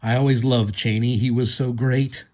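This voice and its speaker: A man voicing a self-pitying old man who talks in a slow, mournful, drawn-out way while reading his comic aloud. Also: medium pitch, steady tone, darkish tone, natural voice. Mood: wistful.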